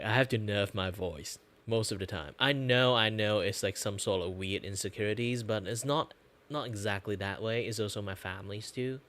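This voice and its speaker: A man chatting casually on his stream in his relaxed, lower natural register, rambling with lots of fillers. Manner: rambling, filler-heavy, frequent laughs. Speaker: VTuber streamer and artist.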